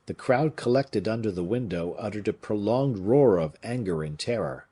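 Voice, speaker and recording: A man reading a classic novel aloud as an audiobook narrator, with an expressive, dramatic delivery. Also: lowish voice, normal speed, few pauses, slightly rough.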